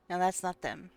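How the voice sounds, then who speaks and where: A woman's voice: fairly low pitch, darkish tone. A woman streaming a video game live, chatting casually, laughing often and exclaiming in disbelief. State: laughing to tears. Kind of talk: casual live-stream chat while playing.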